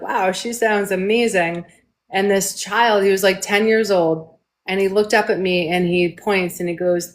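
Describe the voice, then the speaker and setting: A woman in her thirties, an animated and excitable storyteller, co-hosting a casual spiritual conversation. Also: on the low side. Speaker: co-host.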